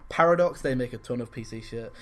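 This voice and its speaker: Male podcast host, quick rambling delivery, casual, swears a lot. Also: mid-range voice. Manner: rambling, swears freely, many fillers. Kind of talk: casual chat.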